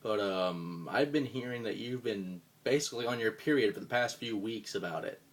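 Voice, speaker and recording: A man cutting a scripted wrestling promo as a roleplayer, profane and contemptuous, swinging from low mutters to loud outbursts. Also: moderate pace.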